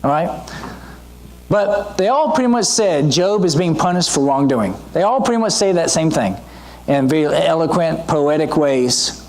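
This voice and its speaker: Animated preacher man, lively pitch. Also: normal speed. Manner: conversational, asks the audience questions; animated teaching delivery with frequent asides. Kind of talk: sermon.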